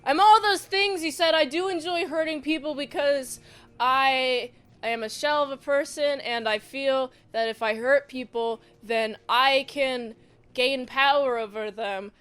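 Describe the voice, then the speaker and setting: A woman's voice: sits high, a little slow, fairly bright tone, clear, resonant tone. A woman voicing an adult male trickster god in a mock-confessional, exaggerated way. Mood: mock confessing.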